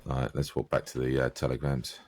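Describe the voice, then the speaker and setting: A man in calm, measured in-character roleplay chat, explaining things patiently. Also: very deep voice, a little hiss or hum. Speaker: roleplay player.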